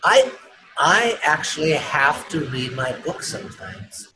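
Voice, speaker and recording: A man with a fairly high voice tells stories in an animated way, and he slips into the voices of the people he meets. Faint noise hums behind him on a remote interview line. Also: unhurried. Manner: enthusiastic, acts out other people's lines as he retells stories. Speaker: author being interviewed. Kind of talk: animated storytelling in a casual interview. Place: remote interview streamed live online.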